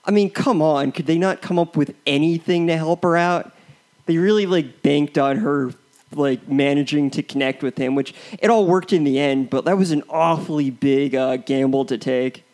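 A man's voice: on the high side, normal speed, a little mellow. A young man co-hosting a casual film review, rambling and hesitant, full of ums and restarts. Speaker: co-host of a movie review show.

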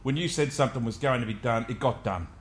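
A man's voice: mid-range voice, fast. A man ribbing his podcast co-host in casual banter, in a mock-grave teasing way.

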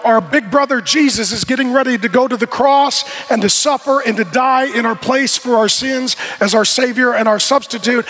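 A middle-aged male pastor giving a sermon, preaching emphatically in repeated rhythmic phrases, rising to shouts and dropping to soft, intimate tones. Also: extremely high pitch. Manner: rises to shouts at peaks, drops soft and intimate.

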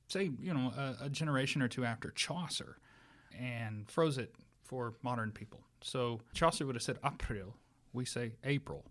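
A man explaining the history of English in an eager lecturing way, often restarting his sentences. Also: mid-range voice. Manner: enthusiastic lecturing with many restarts. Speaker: guest expert on English language history. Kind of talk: explanatory academic talk.

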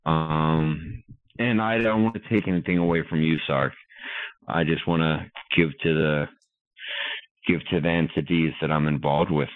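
A man talking casually as a podcast guest, halting and full of fillers and restarts, heard over a call line. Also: rumbling low, steady tone, no echo. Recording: tinny phone-line call.

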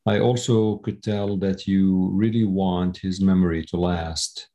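Male host, very low and even, mellow tone; calm and gentle. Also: a little slow. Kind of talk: interview.

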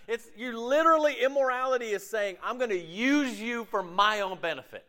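A man preaching a sermon as pastor, animated and chatty, acting out quoted voices and laughing at himself. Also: very high-pitched, fairly quick, few pauses.

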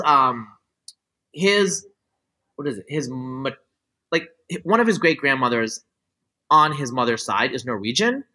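Medium in pitch with a sharp tone, a middle-aged man holds forth casually on his opinions, explaining at length. He keeps looping and restarting his sentences, filling them with "like" and "you know," and the recording quality is low.

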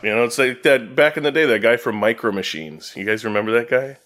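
A man from Wisconsin co-hosting a woodworking podcast, telling stories with jokes and quick laughs. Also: mid-range voice, a bit bright. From Green Bay, Wisconsin, USA. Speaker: podcast co-host. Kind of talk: casual chat.

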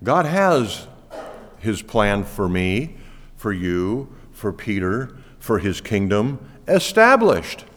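A man preaching a sermon as pastor, lively and animated, laughing now and then. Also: fairly low pitch, takes it slowly. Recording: long reverb of a church hall.

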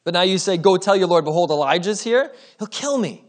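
A man's voice: sits high, quick pace, pitched above the performer's own voice, close to an everyday voice. A man voicing a frightened servant who pleads anxiously with a raised voice. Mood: fearful pleading.

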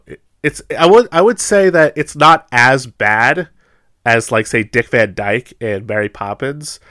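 Animated American man, casual chat. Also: medium pitch, dry recording, clean studio sound. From United States. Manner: animated, laughing often, acting out quotes in funny voices.

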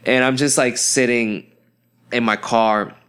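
A young man tells a story on his podcast, rambling and swearing, with fillers and restarts at every turn. His voice is bright and forceful, at an ordinary pitch for a man. When he quotes his friends, he jumps up into excited high yelps. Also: a little slow, clean tone. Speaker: podcast host. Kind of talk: casual storytelling monologue.

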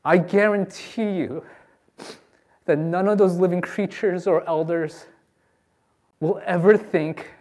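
A man's voice: sits high, takes it slowly, pauses often, a little mellow. Earnest male preacher pleading. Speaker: pastor. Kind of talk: sermon.

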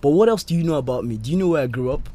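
A man with a polished radio-presenter accent, guest on a casual podcast, talking in an animated, defensive way and repeating himself to press his points. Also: on the high side, very fast. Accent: polished radio-style English accent. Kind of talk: casual argumentative chat.

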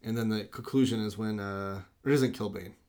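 A man with a fairly low voice talks loosely and eagerly about films. He circles back and restarts his sentences often. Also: fairly even intonation, moderate pace, a little mellow. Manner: rambling, full of "like" and restarts; enthusiastic. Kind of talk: casual movie chat.

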